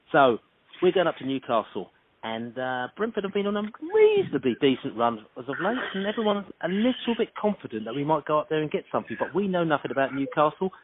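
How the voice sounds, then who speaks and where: A man from London hosting a podcast, joking and bantering as he interviews a guest. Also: medium pitch. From London, England. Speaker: podcast host. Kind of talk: casual interview. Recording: tinny phone-like sound with faint noise.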